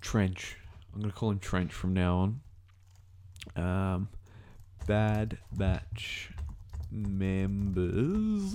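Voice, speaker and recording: A young Australian man talks through a casual reaction video with a somewhat low voice. He muses aloud as he goes, drifting between thoughts and correcting himself mid-sentence. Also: expressive, very slow, dark tone. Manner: musing aloud, rambling, self-correcting.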